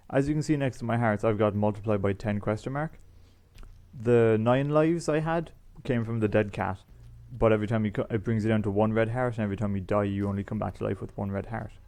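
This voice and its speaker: Gravelly chatty man narrating a game. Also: on the low side, dark tone, a little hiss or hum. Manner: rambling, chatty, explains game items as he plays. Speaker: gaming YouTuber. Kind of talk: casual let's-play commentary.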